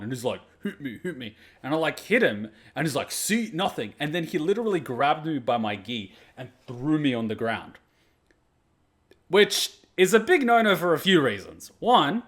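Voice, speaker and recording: Male host, casual animated storyteller, heavy swearing, mid-range voice. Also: medium pitch. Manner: animated, swears freely, lots of "like" fillers. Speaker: reaction channel host.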